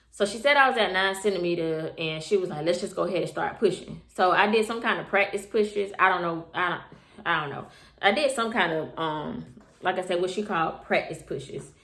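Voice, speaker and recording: Young mom talking to the camera, kinda low voice, chatty and goes back over things, echoey room. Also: female voice, fairly bright tone. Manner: chatty, repeats herself, addresses viewers as y'all. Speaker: mother telling her birth story. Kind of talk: casual storytelling to camera.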